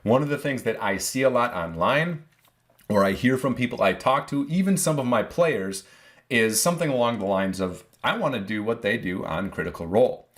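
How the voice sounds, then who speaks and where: A man's voice: mid-range voice, lively intonation, moderate pace. A man explaining how to play tabletop role-playing games in a casual how-to talk, acting out player quotes as examples. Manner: casual, with restarts. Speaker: tabletop game designer giving advice.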